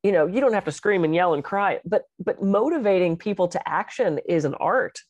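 Animated middle-aged woman, dry close sound. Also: on the low side, a little fast, no room sound, lo-fi sound. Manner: animated, expressive storyteller. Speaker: podcast co-host and public speaker. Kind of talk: casual conversational chat.

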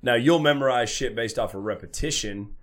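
A man's voice: medium pitch, fairly quick. Guy in his 30s, chill podcast cohost, cusses easy. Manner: laid-back, swears casually. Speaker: podcast co-host. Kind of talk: casual chat.

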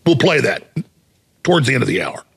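Raspy, gravelly man ranting on talk radio. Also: medium pitch, big pitch swings, a little fast. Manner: combative, mocking, shouts for emphasis. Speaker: talk show host. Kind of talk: heated talk radio rant.

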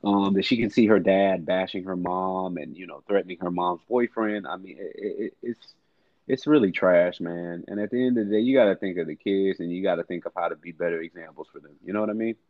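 A man's voice: low voice, fairly quick, no room sound, narrow, tinny audio. A man co-hosting a casual music podcast, blunt, profane and emphatic. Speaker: podcast co-host.

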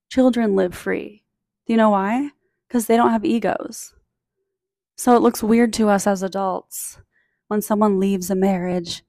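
Slow, gravelly-voiced woman coaching gently. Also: mid-range voice, no room sound, studio quality. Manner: soothing, encouraging, direct address. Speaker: podcast host. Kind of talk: spiritual self-help talk. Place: traveling, recorded on a phone. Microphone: phone.

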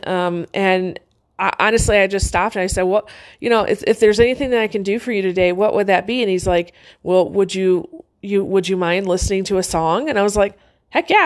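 A middle-aged woman casually telling a personal story, chatty and earnest, with many fillers and restarts. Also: mid-range voice.

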